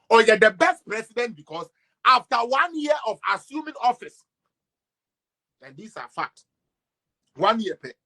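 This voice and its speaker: A man with a Ghanaian accent delivering a mocking, sarcastic political rant, swinging between loud outbursts and low mutters. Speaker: political commentator.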